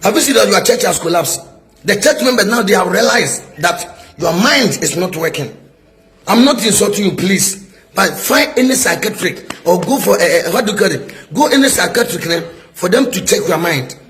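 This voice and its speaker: A man's voice: sits high, lively intonation, normal speed, a bit bright, slight background noise. A middle-aged man with a Ghanaian English accent, a prophet scolding a rival in a heated video response, full of rhetorical questions.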